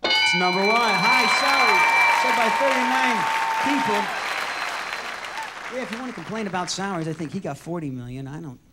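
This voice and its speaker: A man hosting a television game show, teasing the contestants in an animated, joking way. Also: high-pitched, a little fast, over a noisy crowd, very noisy. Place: television studio stage. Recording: archival TV broadcast with loud studio audience.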